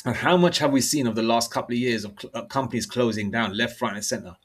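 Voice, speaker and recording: A man's voice: mid-range voice, husky. Blunt, profane British preacher man. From United Kingdom. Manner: blunt and profane, with frequent "okay?" and "all right?" check-ins; reads scripture aloud slowly. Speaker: religious preacher. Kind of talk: informal preaching monologue.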